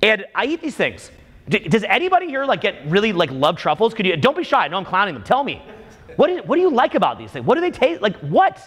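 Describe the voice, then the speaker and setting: A man in his forties holds forth to a live crowd in a lively, high-set voice that swoops up and down. He acts out little scenes and fires questions at the room, and the sound rings with a long hall reverb. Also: fast talker, slightly rough. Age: 40s. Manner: animated, jokey storyteller who acts out bits and quizzes the crowd. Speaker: seminar speaker. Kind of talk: live talk to a room audience.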